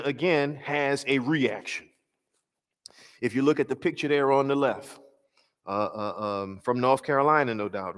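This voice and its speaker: A man, a pastor, giving a church workshop lecture, measured and emphatic, slowing on key phrases and asking rhetorical questions. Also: medium pitch, fairly bright tone. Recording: long hall reverb.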